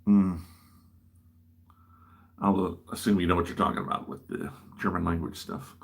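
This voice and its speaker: His voice is low-pitched, creaky, and husky, with a level tone at a normal speed. He's a livestream host from the American Midwest, chatting and rambling while he builds a model and making fun of himself.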